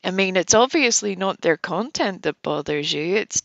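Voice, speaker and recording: A woman's voice: mid-range voice, animated, moderate pace, creaky, no room sound. A woman hosting a casual livestream, rambling with fillers and frequent giggles. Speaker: livestream host. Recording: dull lo-fi stream audio, dry.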